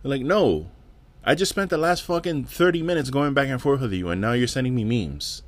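A man's voice: medium pitch, animated, normal speed. Profane, exasperated man ranting solo. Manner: profane, exasperated, repeats words. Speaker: podcast host. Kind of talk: casual solo rant.

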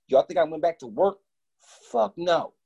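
A man guest telling a story in casual talk, animated and profane, acting out both sides of each conversation. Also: a little high, normal speed, gravelly, husky, muffled recording.

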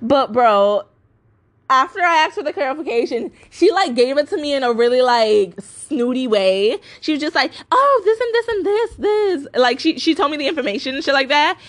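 Her intonation is lively and her speed normal as this podcast host, a woman in her twenties, rants casually. Expect heavy swearing, lots of fillers, strong emphasis, and a mocking high voice for quoted people.

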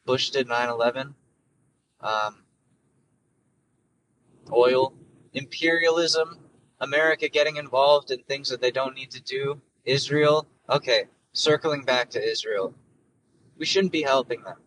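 A young man in his twenties talking on his own in a loose, profane, jokey ramble full of fillers. His voice is mid-pitched and sits a little far from the mic, with a faint hiss of background noise. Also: unhurried, pauses often, a bit bright. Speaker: podcast host. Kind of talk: casual solo monologue.

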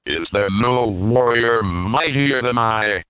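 A man voicing a boastful video game villain who speaks in slow, gloating pronouncements. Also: mid-range voice, pushed and bright, smooth, no room sound. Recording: game sound clip with music behind.

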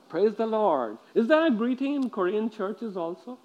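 A man preaching a sermon to a congregation, lively and repetitive, often asking his listeners questions and stumbling over repeated words. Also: high voice, normal speed, lo-fi sound.

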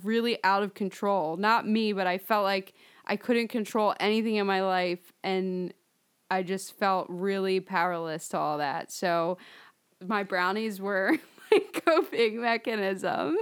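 A woman's voice: mid-range voice, clear, resonant tone. A woman co-hosting a podcast, telling stories in casual chat, chatty with frequent laughs and fillers. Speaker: podcast co-host.

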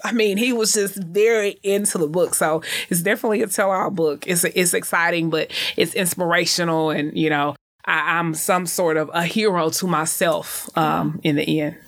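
A woman in her thirties talks openly and with energy as an author in an interview. Her voice sits a little low for a woman and sounds close and dry. She tells stories in a frank, conversational way. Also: moderate pace, hardly any pauses, no echo. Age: 30s. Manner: frank, lively, often acting out others' voices. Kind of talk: candid conversational storytelling.

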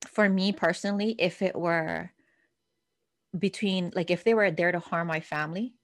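A woman's voice: fairly low pitch, normal speed. Chatty woman podcast co-host. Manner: chatty, heavy on "like" and "you know what I mean". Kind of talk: casual podcast chat.

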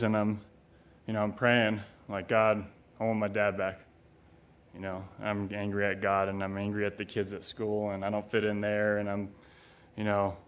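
Man, middle-aged, low voice, monotone, blunt profane recovery talk, dull lo-fi recording. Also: smooth. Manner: blunt and profane, rambling with many fillers. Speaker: speaker at a recovery retreat. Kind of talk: candid personal recovery talk.

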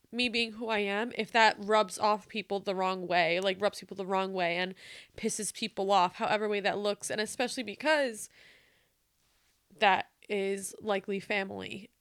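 A woman's voice: medium pitch, a bit bright, smooth, dry recording, clean studio sound. A young woman hosting a podcast, talking candidly and emotionally about her own life, with frequent fillers and swearing. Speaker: podcast host. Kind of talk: personal reflective monologue.

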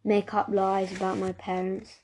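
Storybook captor: a harsh, scornful woman, clipped and cold, flat mellow delivery, read by a woman. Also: mid-range voice, measured pace, a little hiss or hum, natural voice, rough recording. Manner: curt and scornful.

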